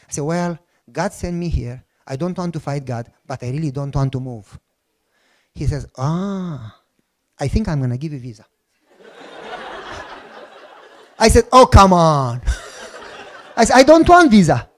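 A middle-aged man, a pastor, telling a testimony in a sermon. He acts out the dialogue, and at moments his voice drops low and soft. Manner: animated storyteller, acts out dialogue.

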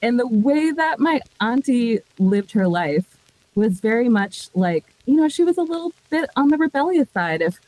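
Lively animated woman telling a story. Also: on the high side, normal speed, no echo, low-quality recording. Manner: animated, laughing often, acts out voices in her story. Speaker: podcast guest telling a story. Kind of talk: casual storytelling chat.

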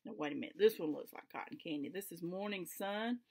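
A woman's voice: lowish voice, quick pace, darkish tone. A woman with a Southern US accent chatting casually to camera from her home craft room, homey and enthusiastic. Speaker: flosstube vlogger.

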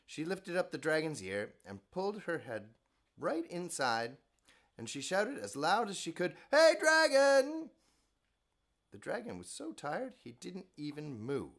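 A man hosting a children's bedtime show, narrating stories in a gentle, playful, expressive way. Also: fairly high pitch, measured pace, vocal fry.

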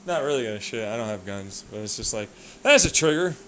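A man in a rambling, profane vlog rant that swings between low muttering and loud outbursts. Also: animated, fast, slight background noise. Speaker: vlogger. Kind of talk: ranting monologue.

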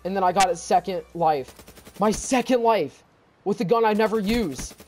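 A gaming YouTuber gives excited commentary on gameplay, tripping over his words and repeating exclamations in disbelief. His voice sits high at a normal speed, with soft background music.

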